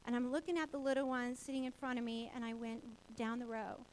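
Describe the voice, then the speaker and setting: A woman in her forties shares a personal testimony in a lively, expressive way, acting out quoted voices and laughing along the way. Her voice sits a little high. Faint noise hums behind her. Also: fairly quick, few pauses, rough recording. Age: 40s.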